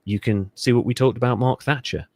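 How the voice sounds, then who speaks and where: A man's voice: mid-range voice, a little fast, slight background noise. A man from Britain co-hosting a history podcast, telling the story in a sardonic, profane, rambling way. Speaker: podcast co-host. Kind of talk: casual podcast chat.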